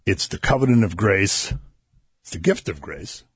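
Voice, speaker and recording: A man's voice: fairly low pitch, animated, moderate pace, gravelly, husky. A man hosting a Christian radio show, earnestly explaining a Bible passage to listeners and his co-host. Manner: earnest, explanatory, builds emphasis. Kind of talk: conversational Bible teaching.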